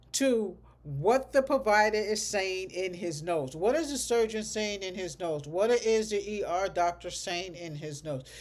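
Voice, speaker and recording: A medical coding instructor with a mid-range voice lectures a livestreamed class, thinking out loud. Most sentences end with a checking "okay?", and code numbers are repeated slowly.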